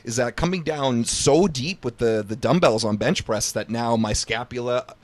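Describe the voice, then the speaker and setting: A man's voice: medium pitch, normal speed. A man hosting a podcast in casual chat, enthusiastic but hesitant, restarting his sentences a lot. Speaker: podcast host.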